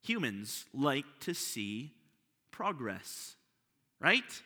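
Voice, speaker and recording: A man's voice: medium pitch, sing-song, extremely slow, bright, forceful tone. Man preaching in a reverberant hall. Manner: preaching with rhetorical questions to the congregation. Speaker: pastor. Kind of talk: sermon.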